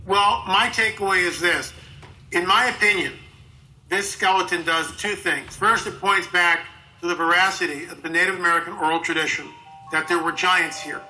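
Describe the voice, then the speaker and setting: Give me an emphatic man with a high, piercing voice and soft music underneath. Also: steady tone, normal speed, poor audio. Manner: emphatic, convinced. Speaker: documentary interviewee. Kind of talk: documentary interview.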